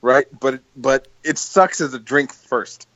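A man's voice: medium pitch, takes it slowly, highs cut off, a loud crowd. A man co-hosting a podcast, chatting casually and telling stories while laughing often. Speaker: podcast co-host. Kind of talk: casual chat.

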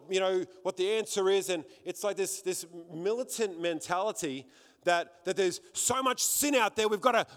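A man preaching a sermon to a congregation in a church hall, fervent, often repeating words as he builds up. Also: high-pitched. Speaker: pastor.

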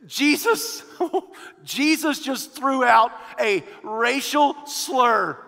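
A man preaching a sermon, animated, shifting from hushed to loud. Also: extremely high pitch, drawn-out words, gravelly. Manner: animated, swinging from hushed to loud with quoted voices. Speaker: pastor. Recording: long hall reverb.

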